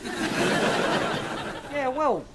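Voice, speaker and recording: Brief: a smug prisoner, mock-sympathetic, lively pitch. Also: male voice, very slow, very noisy, heavily acted. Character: smug, needling London prisoner.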